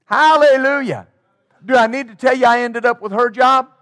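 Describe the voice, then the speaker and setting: A man's voice: very high voice, little pitch movement, fast, bright, forceful tone, no room sound, studio quality. A man preaching a sermon as pastor, emphatic and rhythmic, drawing call-and-response from his congregation.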